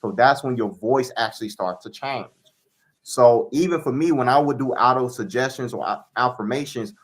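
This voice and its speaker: Calm man giving spiritual answers. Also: medium pitch, moderate pace. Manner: calm, declarative, spiritual teaching. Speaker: spiritual reader, guest. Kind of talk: interview answers.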